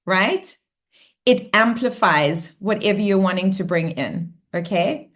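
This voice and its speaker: A woman's voice: mid-range voice, animated, slow, a bit bright. A woman hosting a live online coaching session in an upbeat, bubbly way, acting out cheerful affirmations as she talks. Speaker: workshop host.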